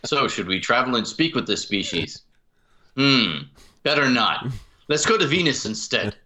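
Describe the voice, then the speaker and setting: A man voicing a male alien observer who asks puzzled, literal questions in a flat tone. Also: medium pitch, normal speed, a little hiss or hum.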